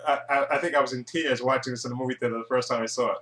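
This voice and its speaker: A man giving a casual, rambling movie review monologue, chuckling often and filling pauses with "uh". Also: mid-range voice, fairly even intonation, a bit bright. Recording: echoey room.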